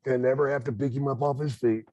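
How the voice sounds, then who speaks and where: A man's voice: mid-range voice, fairly even intonation, quick pace, mellow, dry recording. An older man and former wrestler chiming in with dry, wry remarks on a podcast. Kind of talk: podcast conversation.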